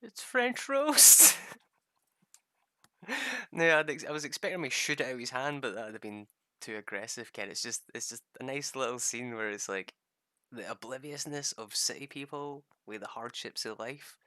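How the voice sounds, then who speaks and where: A man's voice: medium pitch, fairly quick, pushed and bright, dry recording. A young man rambling through a casual gameplay chat, swearing freely and laughing at his own stories. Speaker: gaming streamer.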